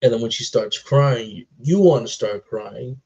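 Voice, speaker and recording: Husky-voiced male co-host, earnest and heartfelt, casual movie chat, muffled low-fidelity sound. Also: a little mellow. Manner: earnest, emotional, drawn-out phrasing. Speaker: co-host of a movie reaction channel. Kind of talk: casual chat about films. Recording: dull lo-fi recording.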